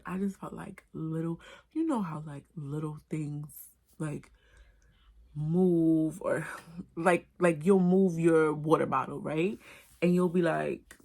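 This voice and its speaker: A woman tells a storytime in a low, gravelly voice. She talks in animated, slangy bursts full of cussing. She tells it loose and casual to her camera. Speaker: vlogger. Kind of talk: storytime vlog.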